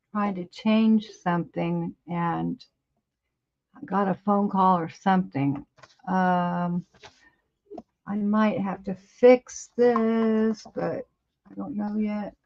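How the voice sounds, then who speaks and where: A chatty woman over fifty talks to her livestream viewers at an unhurried, slow pace, wandering from thought to thought and easily amused. Her voice sits at an ordinary middle pitch. The audio is a bit dull and lo-fi, like a home stream. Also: fairly even intonation. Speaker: livestream host. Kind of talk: casual livestream chat with viewers. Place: home studio, indoors.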